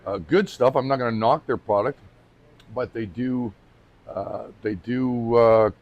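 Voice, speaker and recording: Chatty man with a middle-pitched voice. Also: measured pace, highs cut off. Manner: informal and chatty, restarts sentences, light jokes. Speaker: company representative presenting the brand. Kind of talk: casual on-camera talk.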